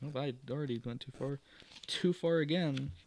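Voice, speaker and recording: A man's voice: on the high side, normal speed, gravelly, darkish tone, slight background noise. Man casually reading a gamebook aloud. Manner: musing, self-deprecating, with asides.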